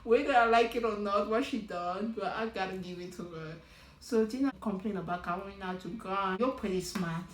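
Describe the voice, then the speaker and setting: A woman giving a casual recap of a reality show, chatty and animated, often talking straight to the people on screen. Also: mid-range voice, a little fast, roomy sound, a little hiss or hum, low-quality recording. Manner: chatty and animated, talks straight to the show's cast.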